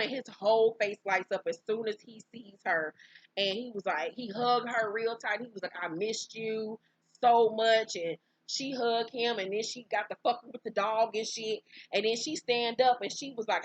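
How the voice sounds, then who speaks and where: A woman recapping a reality show in casual, profane storytelling, bursting into high, loud exclamations. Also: normal speed, breathy edge, no room sound, dull audio. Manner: profane, brash, outspoken commentary; breaks into high-pitched exclamations.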